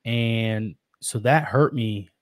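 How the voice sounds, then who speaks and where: Slow and medium-pitched, a man reflects earnestly on fatherhood while appearing as a guest in a casual podcast interview, restarting his sentences often. The clean studio sound has no room tone at all.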